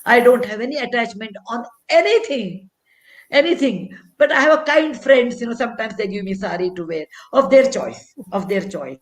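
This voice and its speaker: A woman's voice: on the high side, expressive, moderate pace, reverberant. An older woman with an Indian English accent tells a personal story earnestly and reflectively at a public talk, often repeating phrases for emphasis. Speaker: guest speaker.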